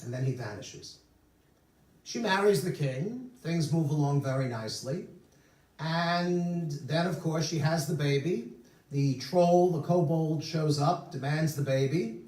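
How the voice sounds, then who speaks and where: A man's voice: on the high side, unhurried, a little mellow. A male rabbi preaching a sermon in a synagogue sanctuary, telling stories with humorous asides, heard from a distance in the room. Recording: roomy sanctuary from far off.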